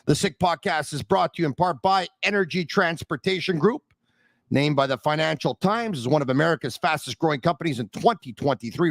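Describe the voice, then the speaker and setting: A podcast host with a fairly high-pitched voice runs a hockey show, reading ads and addressing listeners directly in an emphatic, upbeat way. The energetic hosting and ad reads are recorded with no echo.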